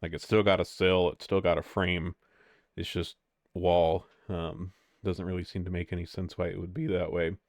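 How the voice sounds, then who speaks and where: A man's voice: sits low, little pitch movement, moderate pace, dry recording, clean studio sound. A man narrating as game master of a tabletop game, rambling with lots of fillers.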